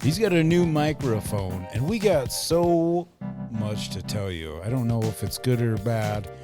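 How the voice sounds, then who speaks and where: A man's voice: mid-range voice, animated, a little slow, music in the background. A man hosting a casual podcast, rambling with lots of fillers and laughing often. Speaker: podcast host.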